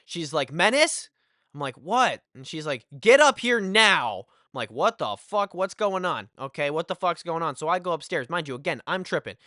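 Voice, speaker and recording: A young man tells a casual story in a lively, profane rush, leaning on filler phrases as he goes. His voice sits fairly high and rings bright and forceful. The sound is close and dry. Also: no echo. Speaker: vlogger telling a story.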